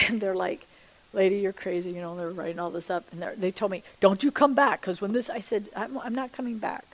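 A middle-aged woman giving a sermon-style personal testimony, acting out the dialogue with lively energy, and dropping to a soft, hushed voice when she quotes her prayers. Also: mid-range voice, brisk, rough recording. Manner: animated storytelling that acts out the dialogue; chatty, checks in with the listeners. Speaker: Christian speaker.

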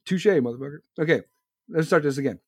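A man's voice: on the high side, fast, no echo. A man hosting a podcast, ranting solo in a profane, sarcastic, heated way. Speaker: podcast host.

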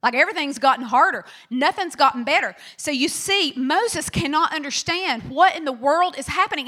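A woman pastor preaching a sermon in an animated, conversational way and acting out the quotes. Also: sits high, moderate pace, hardly any pauses.

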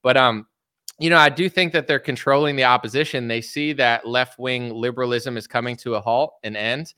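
Young male host, bright clear voice, animated rambling commentary, dry close sound. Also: mid-range voice, a little fast, no room sound. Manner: animated, rambling, laughs often. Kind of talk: casual political commentary chat.

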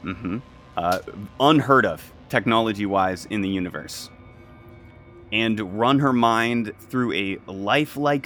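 A man running a tabletop game as game master, narrating in a halting way with lots of fillers. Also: fairly low pitch, a bit bright.

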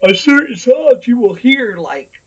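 A man co-hosting a podcast, chatting casually about music, animated and swearing freely, telling anecdotes. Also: very high voice, unhurried, breathy edge, distant mic, lo-fi sound. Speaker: podcast co-host.

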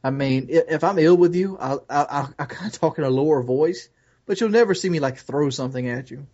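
A man's voice: on the high side, a little fast, a little mellow, dull audio. A man co-hosting a casual podcast chat, blunt and joking about his own temper. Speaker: podcast co-host.

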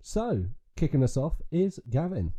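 A man hosts a casual podcast in a very dark, mellow voice. He moves the rounds along with wry asides. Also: on the high side, big pitch swings, measured pace. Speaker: podcast host. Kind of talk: casual banter.

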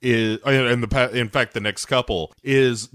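A man's voice: medium pitch, steady tone, normal speed, fairly bright tone, no echo, clean studio sound. A man hosting a podcast who casually recaps a TV episode. He rambles and acts out lines from the characters. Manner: rambling, full of "like", acts out quotes.

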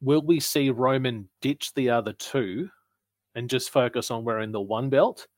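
A man's voice: medium pitch, unhurried, a little mellow, no echo. A man co-hosting a casual wrestling chat, talking things through in an analytical, explaining way. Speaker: podcast co-host.

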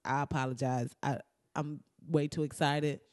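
A young woman in a casual reaction vlog, talking excitedly and profanely, laughing often and slipping into mock-outraged asides. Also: sits low, moderate pace, no echo, studio quality. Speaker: vlogger reacting to a movie trailer.

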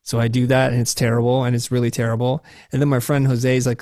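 A man in his forties tells candid stories about himself with self-deprecating humor. He is animated, and his voice leaps up high and squeaky whenever he quotes his nervous younger self. The recording is dry and close, with no room sound. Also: quick pace, no echo. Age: 40s. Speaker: guest. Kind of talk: candid conversational storytelling.

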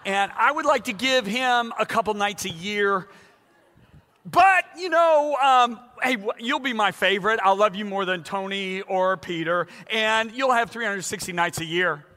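A man's voice: high-pitched, lively intonation, unhurried, sharp tone, voice pushed up, heavily acted. A man voicing a giddy young woman bride who squeals, then coaxes and bargains, in an echoey hall. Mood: coaxing. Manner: squealing, then pleading and coaxing.

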